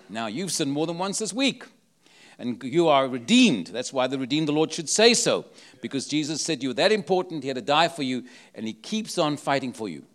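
Animated preacher man with an accent. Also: mid-range voice. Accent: non-local accent. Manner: emphatic, full of rhetorical questions. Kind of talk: sermon.

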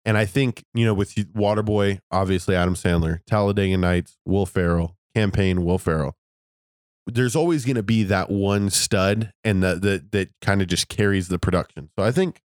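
Laid-back low-voiced young man. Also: normal speed, no room sound, clean studio sound. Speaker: podcast co-host. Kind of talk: casual chat.

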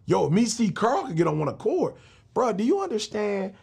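A man's voice: high voice, very animated, a little fast, creaky, a little mellow, slightly rough. A middle-aged man, a motivational speaker and pastor, talking as a guest in an emphatic, slangy, preacher-like way. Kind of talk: casual interview talk.

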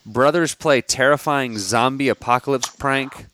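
A man co-hosting a podcast in casual chat, rambling and halting with lots of fillers. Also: mid-range voice, a bit bright, dry recording. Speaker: podcast co-host.

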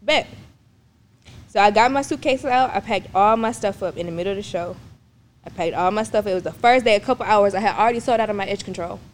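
A young woman telling a personal story in a casual, animated way, acting out the lines of the people in it. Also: mid-range voice, fast, a little hiss or hum. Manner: animated, acts out quoted dialogue. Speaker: guest.

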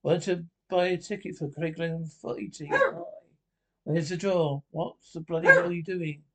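An actor playing a coarse, cheeky Scottish pensioner in a TV sitcom, with gruff, sweary banter. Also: male voice, fairly high pitch, normal speed, bright, forceful tone, a little hiss or hum, poor audio. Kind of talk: TV sitcom acting.

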